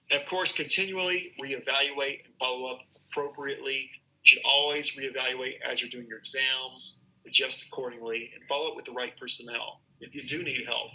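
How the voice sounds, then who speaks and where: A man's voice: mid-range voice, vocal fry, sharp tone, poor audio. A man teaching a radiology class in a casual, direct manner, mixing advice with stories from his own work. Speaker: radiology instructor. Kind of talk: classroom lecture.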